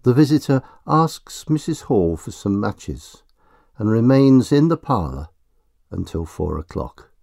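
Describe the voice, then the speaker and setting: A man narrating a story in a slow, expressive reading style. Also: fairly low pitch, vocal fry, dry recording, clean studio sound.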